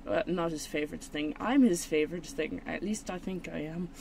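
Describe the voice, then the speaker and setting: A woman chatting casually as she opens trading cards on camera, rambling and mocking herself, with sudden high excited squeals. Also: normal speed, vocal fry, a little hiss or hum. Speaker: channel host. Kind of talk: casual card-opening video.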